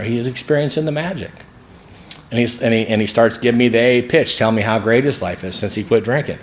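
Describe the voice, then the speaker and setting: A man's voice: medium pitch, a bit bright, slight background noise. Man telling his recovery story to a crowd. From St. Louis, Missouri. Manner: storytelling, acts out dialogue with rising energy. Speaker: AA speaker sharing his story. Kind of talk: recovery talk to a live audience. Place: event hall at a sobriety convention.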